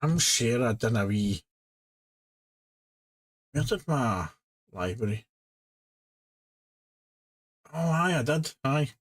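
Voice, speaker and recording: A man's voice: mid-range voice, lively intonation, slow pace, long pauses, rough recording. A Scottish man chatting casually on a live stream, muttering to himself as he works.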